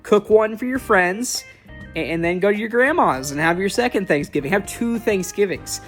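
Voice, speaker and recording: A man voicing a calm, helpful little boy from a cartoon, giving upbeat advice in a raised voice. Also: sits high, moderate pace, faint music behind, pitched above the performer's own voice.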